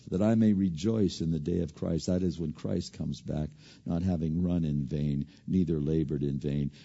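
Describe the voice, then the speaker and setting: Gravelly preacher in a reverberant hall. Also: male voice, low voice, dull audio. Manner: animated, swinging from loud to hushed; repeats and restarts words. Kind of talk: sermon.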